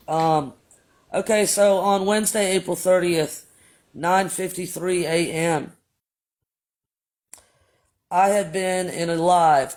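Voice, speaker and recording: This livestream host is a man with a high, slightly mellow voice. He addresses his chat directly as "y'all" while telling a story casually, bluntly and with plenty of profanity.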